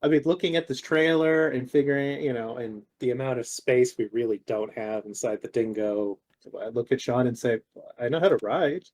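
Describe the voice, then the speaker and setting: A man's voice: medium pitch, fairly even intonation, normal speed, few pauses, a little mellow, a little hiss or hum. A man playing in a tabletop game, chatting casually with hesitant asides. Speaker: player.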